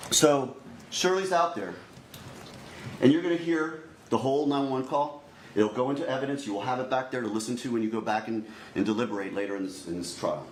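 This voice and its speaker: A male prosecutor delivering a deliberate opening statement to a jury, repeatedly addressing the jurors directly. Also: mid-range voice. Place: courtroom. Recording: echoey courtroom recording, faint noise.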